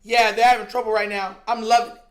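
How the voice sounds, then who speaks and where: A sports show host in an animated, exasperated rant, slangy and mocking, laughing between points. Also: medium pitch, fast. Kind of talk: heated sports talk rant.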